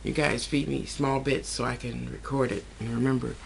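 A woman's voice: steady tone, moderate pace, vocal fry, slight background noise. Chatty woman rambling through a dream. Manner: chatty, digressive, quotes people in a higher voice. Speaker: vlogger recounting a dream. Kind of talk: casual rambling storytelling.

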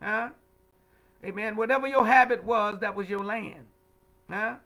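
High, bright-voiced preaching man. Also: a little slow, low-quality recording. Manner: call-and-response preaching, frequent "amen" and "huh?"; repeats words, stammering restarts. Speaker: pastor leading Bible study. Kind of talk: livestreamed Bible study teaching.

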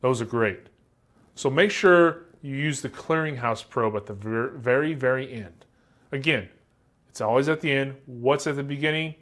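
A man's voice: mid-range voice, moderate pace, fairly bright tone. A man teaching a class in a casual, joking way, acting out example answers with a light Southern American accent. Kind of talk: classroom lecture.

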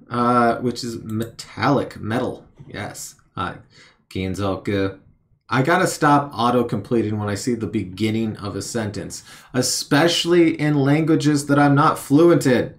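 Slow, musing man thinking aloud. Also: mid-range voice. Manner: musing, repeats words slowly while recalling, self-deprecating. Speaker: language learner vlogger. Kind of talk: casual thinking-aloud study session.

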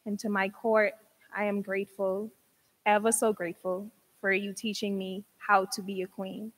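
A woman's voice: mid-range voice, little pitch movement, moderate pace. A young woman, an outgoing university pageant queen, giving a sincere, conversational farewell speech. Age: young adult.

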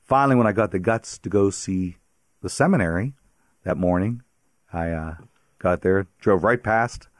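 As a radio interview guest, a priest from the Pittsburgh area recounts his faith journey at normal speed in a very deep voice. He is talkative, storytelling and quick to laugh, captured in a dry, close recording with no room sound.

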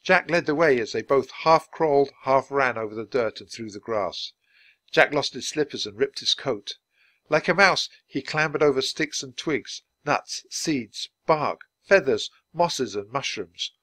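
A man reads a children's book aloud in a mid-pitched voice, steady and clearly paced for learners. The sound is dry and close, with no room around it. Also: unhurried, no echo. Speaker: storybook reader.

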